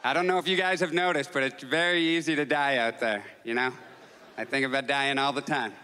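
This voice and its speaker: A man performing a stand-up comedy set, telling neurotic, self-mocking stories and jumping into high excited outbursts. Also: quick pace, slight background noise. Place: stage in a comedy club with audience. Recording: live club recording with long reverb, faint crowd.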